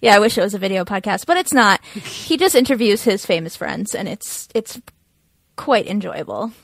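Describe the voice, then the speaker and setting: A woman's voice: medium pitch, animated, normal speed, creaky. A woman co-hosting a podcast in casual chat, wry and giggly. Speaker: podcast co-host.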